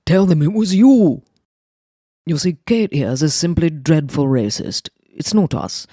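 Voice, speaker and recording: Guy doing a snooty posh royal, loud clipped voice, dark and dry. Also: on the high side, animated, unhurried, no room sound. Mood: haughty.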